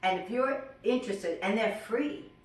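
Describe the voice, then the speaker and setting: A woman over fifty talks excitedly in her home kitchen, bursting into exclamations. Her voice sits a bit away from the mic, in an echoey room. Her pitch is middling for a woman. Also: normal speed, recorded from a distance. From United States. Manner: chatty and effusive, animated exclamations. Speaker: fitness instructor. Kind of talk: casual cooking vlog chat.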